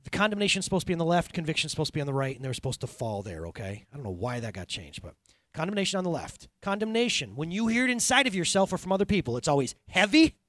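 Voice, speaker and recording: A pastor giving a conversational sermon, with joking asides, restarts and acted-out quotes. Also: male voice, on the high side, big pitch swings, racing, a bit bright, dry recording, studio quality.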